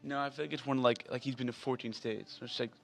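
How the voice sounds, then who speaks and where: A man's voice: mid-range voice, steady tone, fast talker, vocal fry, fairly bright tone. A young man on a podcast who rambles with lots of fillers while chatting casually. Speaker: podcast co-host. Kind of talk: casual chat.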